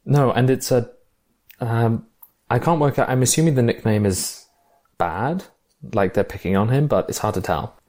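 A man's voice: medium pitch, normal speed, darkish tone. A man co-hosting a casual film discussion podcast, talking with enthusiasm and thinking aloud with fillers and restarts.

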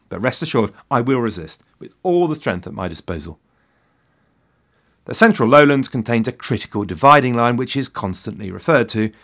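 A man's voice: mid-range voice, fairly bright tone. A man giving scripted history narration, with a wry, dry humor and self-deprecating asides. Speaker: history podcast host.

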